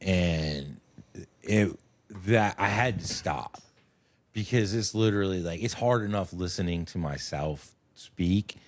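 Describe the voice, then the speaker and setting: A middle-aged man, a comedian guest, talking casually on a podcast in a rambling, halting, self-critical way. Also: sits low.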